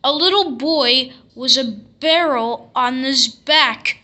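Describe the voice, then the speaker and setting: A woman reading a classic picture book aloud, telling the story slowly and expressively. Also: high voice, bright, forceful tone. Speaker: storybook reader.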